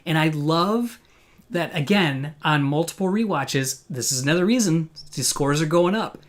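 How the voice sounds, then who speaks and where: A man's voice: a little high, normal speed. A man hosting a casual live film review, talking enthusiastically with many fillers and restarts. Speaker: podcast host. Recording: live online video call.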